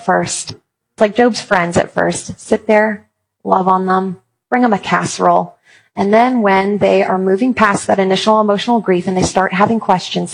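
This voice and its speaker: A woman's voice: mid-range voice, vocal fry, poor audio. A woman giving an earnest Christian talk, mixing encouragement with humorous personal stories. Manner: humorous, animated storytelling. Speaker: Christian speaker.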